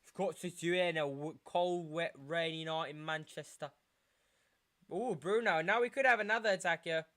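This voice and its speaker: A tired young man from South Africa giving excitable live commentary while streaming a football match as a fan. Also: a little high, moderate pace. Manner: excitable fan, shouting at big moments, chanting. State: tired, yawning. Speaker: watchalong streamer.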